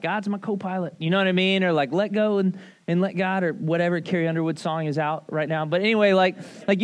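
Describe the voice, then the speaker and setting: A man preaching a casual sermon, talking to a congregation in a loose, animated way full of asides and questions. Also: sits high. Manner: conversational, animated, lots of "like" and "right?". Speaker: pastor. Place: church service.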